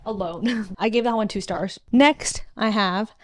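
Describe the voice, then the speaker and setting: A woman's voice: medium pitch, unhurried, slight background noise. A young woman reviewing books in a casual vlog, talking in a chatty, blunt way with many fillers. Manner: chatty, filler-heavy, with frank blunt opinions. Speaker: book reviewer. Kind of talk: casual monthly reading wrap-up.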